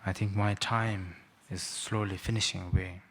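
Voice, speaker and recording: Man rambling through a gentle teaching talk. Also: sits low, fairly even intonation, normal speed, slight background noise. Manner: rambling, self-mocking, with frequent "sort of" and hesitations. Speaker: Buddhist teacher, guest speaker. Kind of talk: informal teaching talk to young people.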